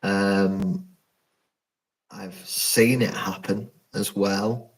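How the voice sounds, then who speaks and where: A man working as a paranormal investigator, talking to a live stream in a hushed, rambling way with many ums, alone indoors at night and recording on a phone. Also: fairly low pitch, fairly even intonation, very slow, poor audio. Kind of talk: live stream, answering chat.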